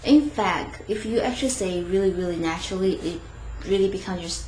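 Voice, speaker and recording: A woman's voice: lowish voice, a little fast, a little mellow. Chatty woman teaching in an echoey room. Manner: chatty, hesitant, self-correcting. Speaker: language teacher. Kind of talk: casual video lesson. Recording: echoey room, faint background noise.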